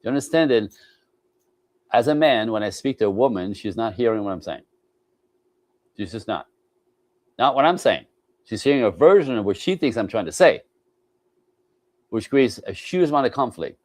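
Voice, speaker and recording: A man's voice: fairly low pitch, expressive, moderate pace, long pauses, dry recording. A man speaking as a relationship coach in an interview, emphatic, constantly checking in with "right?" and acting out other people's voices. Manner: emphatic, repeats "right?", slips into mimicking voices. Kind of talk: animated interview talk.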